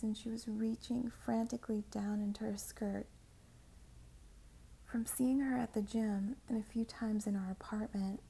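A woman reading a first-person story aloud in a soft, mostly whispered narration. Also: medium pitch, vocal fry, breathy edge.

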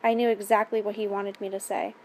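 A woman reading a first-person story aloud in a steady, even narration. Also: medium pitch, brisk, slight background noise.

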